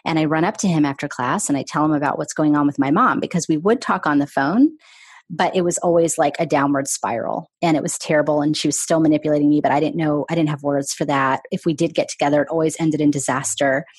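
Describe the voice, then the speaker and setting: A woman's voice: sits low, fairly even intonation, quick pace, husky, no echo. A middle-aged woman, a guest author on an interview, telling her own story in an earnest, candid way. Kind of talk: conversational storytelling.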